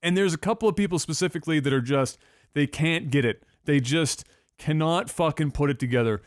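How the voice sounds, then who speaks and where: A young man telling a story on a podcast in a casual, profane, animated way. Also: a little high, fairly quick, dry recording, studio quality. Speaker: podcast co-host.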